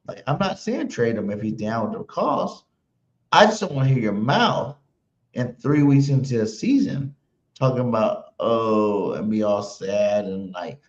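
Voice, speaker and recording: A man's voice: medium pitch, vocal fry, a little mellow. A man co-hosting a casual sports talk show, arguing his point with emphasis. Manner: argumentative, emphatic. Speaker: co-host. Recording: roomy, dull lo-fi sound.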